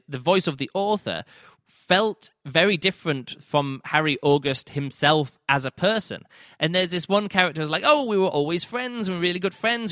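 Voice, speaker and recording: Man, podcast host, casual book review, chatty, bright tone, dry close sound. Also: a little high, no echo. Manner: chatty, acts out his own reactions in quoted asides.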